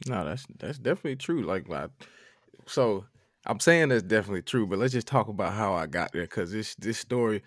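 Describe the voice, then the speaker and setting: Casting: young man, low voice, dry close sound, lively swearing storyteller. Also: brisk, dry recording. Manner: animated, profane, laughing storytelling. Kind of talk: casual storytelling chat.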